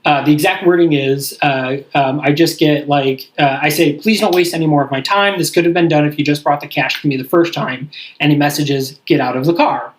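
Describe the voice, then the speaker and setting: Brief: young male podcast host, high-pitched, rambling and profane storyteller. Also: fairly quick, few pauses, low-quality recording. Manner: profane, rambling, heavy use of "like". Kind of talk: casual storytelling chat.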